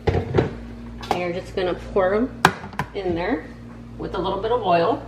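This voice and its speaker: Speaking unhurriedly at a medium pitch, a woman hosts a relaxed cooking vlog in her home kitchen. She's chatty and uses slang, talking right to the people watching, with echo and background noise in the room.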